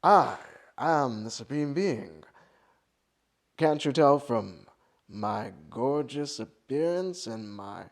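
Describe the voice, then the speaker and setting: A man voicing a grandiose male supreme deity with booming, theatrical proclamations. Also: lightly acted.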